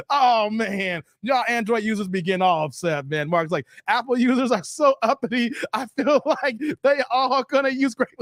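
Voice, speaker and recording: During a casual livestream, a man reads out viewer comments and playfully teases them using slang. His voice is very high-pitched and fairly bright, captured as clean studio sound with no room noise.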